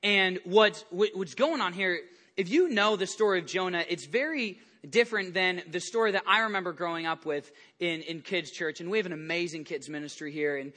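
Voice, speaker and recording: High, bright-voiced animated pastor. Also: male voice, brisk, hardly any pauses. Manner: animated, acts out quoted voices, many restarts. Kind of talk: sermon. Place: church service before a congregation.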